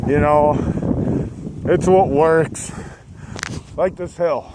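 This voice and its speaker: A man out of breath, venting and swearing with frequent sighs as he cycles outdoors along a road. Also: a little high. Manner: frustrated, swearing, sighing between phrases. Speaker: vlogger. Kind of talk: venting monologue while cycling. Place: outdoors on a road, riding a bike. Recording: wind and traffic noise. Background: traffic and wind noise.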